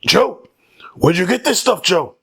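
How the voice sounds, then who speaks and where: A man doing an impression of an elderly male politician who is stoned and excited, talking loudly and repeating the listener's name. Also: high-pitched, measured pace, creaky, husky, voice pushed up, exaggerated voice.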